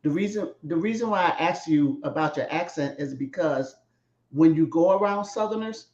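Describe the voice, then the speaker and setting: A woman's voice: sits low, animated, normal speed, a little mellow. A woman who is a guest in a casual conversation, speaking directly and frankly and asking pointed questions. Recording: echoey, dull-sounding.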